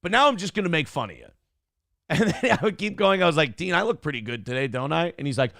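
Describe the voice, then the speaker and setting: A man rants through his morning show with brash, profane bravado. His voice sits a little high and carries a gravelly rasp. The sound is close and dry. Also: animated, quick pace, a bit bright, dry recording. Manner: brash, profane, boastful storytelling. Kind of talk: casual talk show rant.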